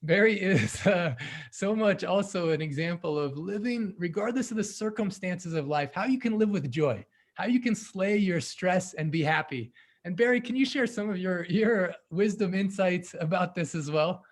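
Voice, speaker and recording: A man with a high voice hosts an online community call. He laughs easily and thanks his guests as he introduces the next speaker. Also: animated, normal speed. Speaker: host.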